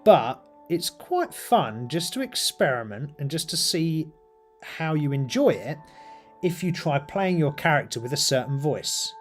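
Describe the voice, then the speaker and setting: A middle-aged man with a British accent talks easily on a live stream, rambling and filling gaps with ums and uhs as he paints miniatures. His voice sits a little high for a man, and faint music plays softly behind him. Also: big pitch swings, a little slow.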